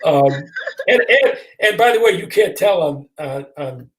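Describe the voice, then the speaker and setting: A man's voice: sits high, expressive, measured pace, fairly bright tone. A man in his sixties from Michigan, a guest attorney telling a story with self-deprecating humor over a video call. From Michigan, USA. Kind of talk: storytelling in a casual interview.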